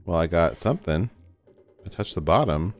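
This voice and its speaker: A man hosting a let's play, giving gameplay commentary, excitable, talking to the game and swearing casually. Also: sits low, moderate pace, soft background music.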